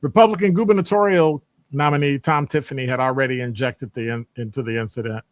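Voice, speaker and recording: Talking at a quick pace in a mid-range voice, a middle-aged man hosts a live stream show recorded with no room sound. He greets chat viewers by name, chatting casually with lively rises.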